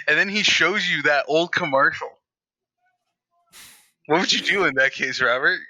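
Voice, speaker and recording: A man's voice: on the high side, normal speed, pauses often, sharp tone, dry recording. A young man co-hosting a podcast in casual chat, joking and stammering as he starts sentences. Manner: stammering, jokey. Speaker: podcast co-host.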